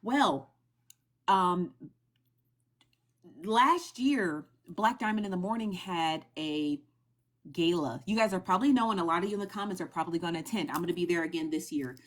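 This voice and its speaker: A young woman on a phone livestream, casually recapping online gossip in a chatty, animated way and asking her viewers questions. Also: lowish voice, normal speed. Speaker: TikTok live streamer sharing gossip news.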